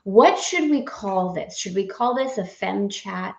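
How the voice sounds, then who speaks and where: A woman's voice: medium pitch, expressive, unhurried, creaky, a little mellow, roomy sound. A woman guiding a live spiritual lesson, playful and effusive, laughing often as she leads affirmations and breathing. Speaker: spiritual course guide. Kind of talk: live guided affirmation session.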